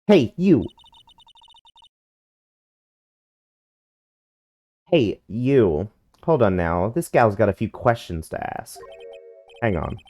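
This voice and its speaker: A man's voice: fairly low pitch, darkish tone. A man voicing a brash, pushy woman photographer with a put-on Southern US drawl, boastful and folksy. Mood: hollering. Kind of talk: fan voicing of a game character.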